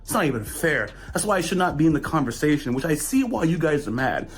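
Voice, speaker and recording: A man from Jamaica hosting an anime reaction show, talking casually and excitably straight to his viewers. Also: fairly high pitch, fast talker, slight background noise. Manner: animated, excitable, addresses viewers directly. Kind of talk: casual anime review rant.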